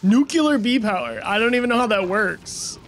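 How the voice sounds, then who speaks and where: A man's voice: high voice, lively intonation, normal speed, a bit bright, a little hiss or hum. A male streamer giving live gameplay commentary, rambling and puzzled, asking himself questions aloud as he plays.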